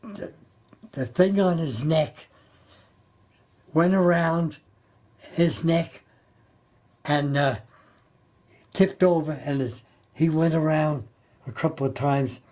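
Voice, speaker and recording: An older man recalling his time as a Navy sailor in a halting, plain-spoken way, often repeating and restarting his words. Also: fairly high pitch, darkish tone. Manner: plain-spoken, colloquial grammar. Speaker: Navy veteran interviewee. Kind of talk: oral history storytelling.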